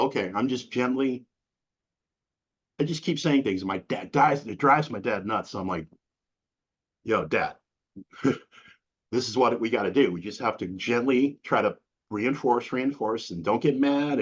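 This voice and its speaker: A middle-aged New England man is a guest in a casual interview, telling animated stories full of casual slang and acting out the quotes. His husky, slightly breathy voice sits in the mid range and moves at a normal speed. The recording is dull and lo-fi.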